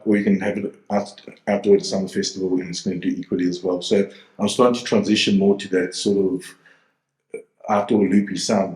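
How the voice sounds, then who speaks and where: A man's voice: low voice, a little mellow. A man in his forties from South Africa, a DJ and producer talking casually as an interview guest, rambling with lots of fillers and restarts over a video call. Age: 40s. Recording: roomy echo.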